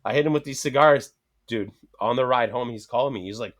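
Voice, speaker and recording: Guest: fast-paced man, casual and profane, acts out every voice in his stories. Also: medium pitch. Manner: profane, rambling anecdotes with quoted dialogue. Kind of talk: casual storytelling chat.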